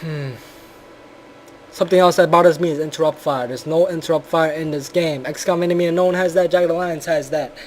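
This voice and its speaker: A man's voice: fairly high pitch, steady tone, fairly quick, a little mellow, a little hiss or hum. A man giving a blunt, profane, rambling commentary on a video game.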